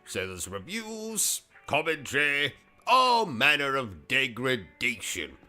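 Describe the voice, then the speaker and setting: A man's voice: mid-range voice, wildly swooping pitch, slow pace, bright, forceful tone, soft background music. A man with a British accent hosting a gaming livestream, ranting in a pompous, insulting, theatrical comic manner. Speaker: gaming YouTuber. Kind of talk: comedic livestream rant.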